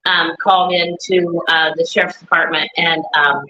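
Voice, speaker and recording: A woman's voice: on the low side, fairly even intonation, moderate pace, pushed and bright. A woman, a mother, talking in a rambling casual chat, often quoting her son and herself. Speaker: grieving mother and guest. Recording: dull lo-fi stream audio.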